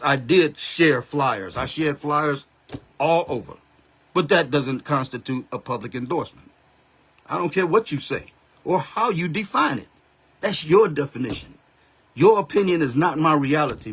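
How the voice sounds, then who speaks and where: A man's voice: on the high side, expressive, a little slow, fairly bright tone, breathy edge. A man in his seventies, a pastor hosting a Facebook live, talking bluntly and confrontationally in a heated, street-style rant. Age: 70s. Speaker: pastor and livestream host. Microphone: phone or webcam livestream.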